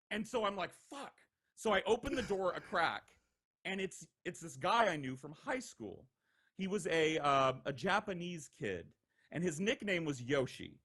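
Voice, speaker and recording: Animated, profane young man telling a story. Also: on the high side, slightly rough. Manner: animated, profane, acts out quoted voices. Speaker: podcast regular telling stories. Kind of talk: casual storytelling.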